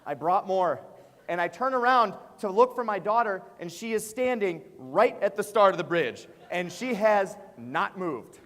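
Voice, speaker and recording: A man in his thirties telling a family story to an audience of teachers in an animated way, with many "uh"s and "right?"s. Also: high-pitched, moderate pace, hardly any pauses. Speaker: education speaker and author. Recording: long reverb of a large hall.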